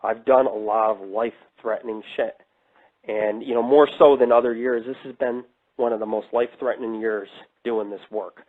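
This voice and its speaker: A man's voice: medium pitch, steady tone, normal speed. A man from New York, a paranormal investigator hosting a radio show, ranting brashly and swearing in a casual monologue. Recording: tinny phone-like radio line.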